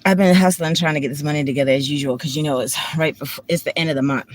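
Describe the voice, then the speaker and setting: A woman's voice: deep voice, steady tone, racing, slight background noise. A woman with a Washington DC accent, vlogging from her parked car on a phone, talking candidly and profanely in a rambling way. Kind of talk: casual emotional chat.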